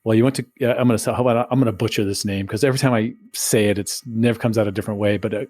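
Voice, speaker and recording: A man's voice: on the low side, steady tone, racing, darkish tone, dry recording. A man hosting a podcast interview, friendly and jokey, often restarting his sentences. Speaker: podcast host. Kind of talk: casual interview.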